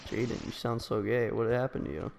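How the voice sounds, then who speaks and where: A man's voice: medium pitch, a little fast, gravelly, big-room sound, noisy background. A young man hosting a gaming session, teasing a friend with crude jokes and frequent laughter. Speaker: gaming channel host. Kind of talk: casual gaming banter.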